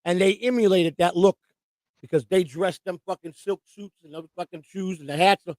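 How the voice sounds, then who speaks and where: A man with a high voice rambles through profane stories, restarting sentences as he goes. He co-hosts a casual live stream. The sound is dry and close on a desk mic. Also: steady tone, normal speed, darkish tone, no echo. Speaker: co-host and storyteller. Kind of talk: casual chat, rambling anecdotes. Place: home live-stream setup.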